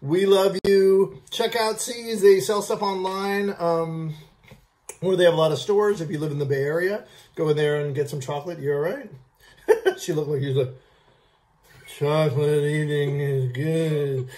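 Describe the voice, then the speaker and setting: A food vlog host giving a casual, gushing candy tasting review, with halting "um"s between lines. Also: mid-range voice, darkish tone. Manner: gushing, repeats "I love", halting fillers.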